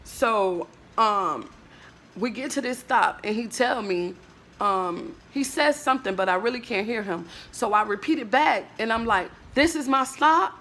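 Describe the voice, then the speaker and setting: A woman's voice: mid-range voice, measured pace, a bit bright. A woman vlogger in an emotional monologue to camera, ranting in a blunt, emphatic, profane way and leaning on fillers like "like, bruh".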